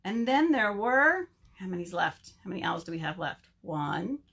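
A woman librarian leading a virtual story time, reading a picture book aloud and chatting to young children in an animated way. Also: mid-range voice, gravelly, breathy edge. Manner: animated, slow, talks to children.

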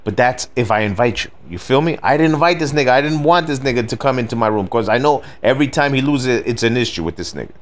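A man's voice: mid-range voice, animated, fast, few pauses. A middle-aged man telling a story in a casual, rambling rant, profane and full of "you know what I mean" fillers, as host of a gaming video.

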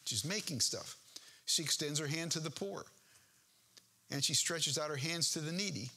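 A man's voice: on the high side, moderate pace, pushed and bright. An older man preaching a sermon as pastor, reading scripture aloud and breaking off into homespun, joking asides about his family.

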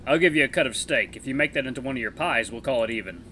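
A man's voice: medium pitch, expressive, quick pace, bright, forceful tone, slight background noise. A man voicing a firm black wolf butcher. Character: gruff young male black wolf butcher.

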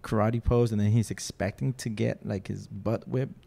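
A man's voice: on the low side, steady tone, normal speed, vocal fry, warm tone. A man, a guest on a podcast, telling rambling, joking stories in casual chat with lots of fillers and restarts. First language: Spanish. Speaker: podcast guest, rock photographer and interviewer.

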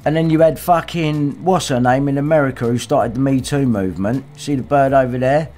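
A man's voice: mid-range voice, fairly quick, darkish tone, faint music behind. Foul-mouthed man ranting. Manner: angry, profane and abusive. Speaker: livestream host. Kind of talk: casual rant.

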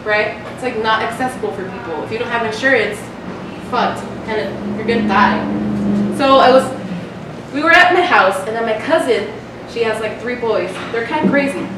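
A woman's voice: a little high, normal speed. A young woman performing a chatty, self-mocking stand-up comedy set, laughing at her own jokes in front of a small live audience. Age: young adult. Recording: echoey, distant, noisy live room recording.

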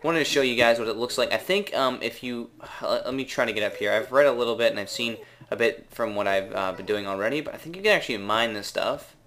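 A young man with a Canadian accent giving casual, rambling gameplay commentary, unsure of himself, with drawn-out words. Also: mid-range voice, a bit bright. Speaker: gaming video maker.

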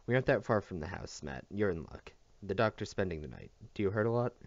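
A man's voice: low-pitched, very animated, fast talker, no room sound. A man voicing a brash, bossy teenage boy who talks in a curt, commanding way. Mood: urgent. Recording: dull dry recording.

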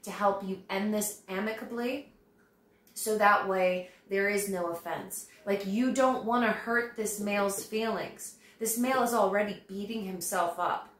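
A woman's voice: medium pitch, unhurried, fairly bright tone. Tarot-reading woman in a roomy space. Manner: conversational, reassuring, acts out quoted voices. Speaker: tarot reader. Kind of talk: channeled tarot reading to viewers. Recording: roomy echo.

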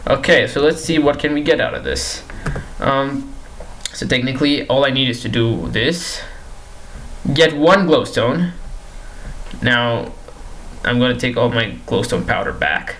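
A man's voice: mid-range voice, expressive, measured pace, long pauses, a bit bright, slight background noise, rough recording. A young man giving casual commentary while playing a game, pleading with and teasing the characters on screen and repeating himself in exasperation. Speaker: gaming YouTuber.

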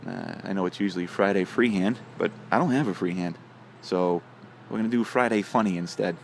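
A man's voice: low-pitched, a little fast, vocal fry, slight background noise. A man casually telling a long joke on his channel, rambling with many fillers. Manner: rambling, filler-heavy delivery.

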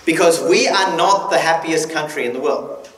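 Joking preacher in an echoey church hall. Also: male voice, fairly high pitch, moderate pace, a bit bright, far from the mic, slight background noise. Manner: conversational, joking, with frequent restarts. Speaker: guest preacher. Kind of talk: sermon.

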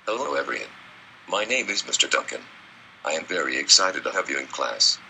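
A man's voice: rumbling low, very animated, brisk, vocal fry, sharp tone, slight background noise, voice pushed down, heavily acted, rough recording. A man playing a male cartoon avatar that speaks with a synthetic text-to-speech voice. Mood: reciting.

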